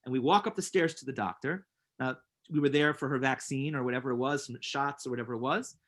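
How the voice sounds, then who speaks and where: A man with a medium-pitched, fairly bright voice talks fast while teaching an inspirational class as a rabbi. Earnest and emphatic, he tells personal stories and repeats words for stress.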